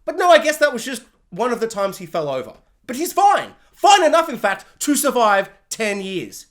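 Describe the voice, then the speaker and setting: A woman giving a casual, joking spoiler review of a TV episode, animated and quick to act out characters in little voices. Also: on the high side.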